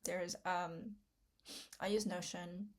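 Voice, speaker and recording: A woman's voice: fairly low pitch, fairly even intonation, takes it slowly. A young woman rambling to camera in an unedited vlog, tearful, with many fillers, restarts and self-interruptions. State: tearful after crying. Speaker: vlogger.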